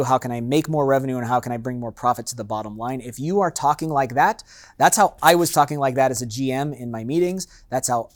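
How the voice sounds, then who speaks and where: A man, a master sommelier, giving a loose, conversational seminar to a live audience and acting out customers' lines. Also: mid-range voice. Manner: loose and chatty with fillers and asides.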